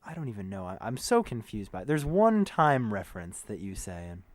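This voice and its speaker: A man's voice: lowish voice, brisk, no echo. Chatty American man, bone-dry sound. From United States. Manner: animated, joking, rambling. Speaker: tour manager. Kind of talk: casual interview chat.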